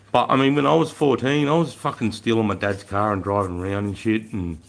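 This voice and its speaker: A deep-voiced Australian man in his forties hosts a casual livestream. He talks bluntly in matey slang and swears freely as he chats with viewers. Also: vocal fry. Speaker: livestream host.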